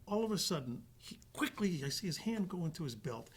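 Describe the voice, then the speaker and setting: Guy with a husky bit higher voice telling a story on a podcast, gets animated, restarts a lot. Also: brisk. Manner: animated, acts out quoted voices, trails off and restarts. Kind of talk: casual storytelling.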